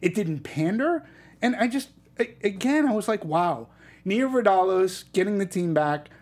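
Husky woman hosting a film panel. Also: medium pitch, animated, a little mellow. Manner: chatty, halting with restarts. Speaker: host. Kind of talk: casual panel film review.

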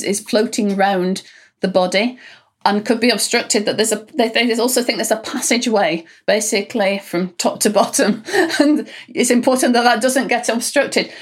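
A woman expert talks through her subject in a relaxed, conversational way, often stopping to restart a thought. Light laughs break up her explanations. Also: mid-range voice. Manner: chatty, restarts often, laughs between points. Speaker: Egyptologist answering listener questions.

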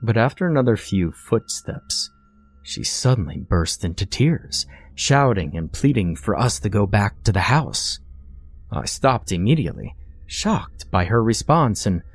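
A man narrating a first-person horror story in a measured, expressive storytelling manner. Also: fairly low pitch, breathy edge.

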